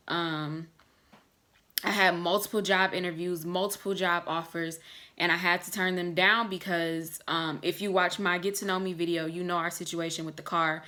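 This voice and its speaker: A woman in her twenties chatting casually to her viewers in a vlog, relaxed and candid, with lots of "like" and "um" fillers. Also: on the low side. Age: 20s. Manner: warm and candid, talking straight to viewers. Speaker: vlogger.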